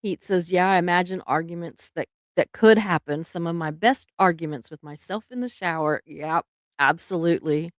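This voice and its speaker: A woman's voice: lowish voice, moderate pace, dry recording, clean studio sound. Chatty woman, laughing often. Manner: chatty, laughs often, trails off mid-sentence. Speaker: live stream host. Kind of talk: casual live stream chat.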